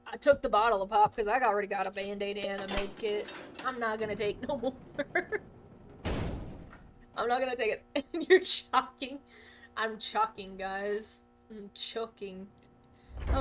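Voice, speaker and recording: A woman streaming a game live, chatty and excitable, swearing often and talking to her chat. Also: mid-range voice, moderate pace, music in the background. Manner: excitable reactions, sudden outbursts. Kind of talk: live gaming commentary.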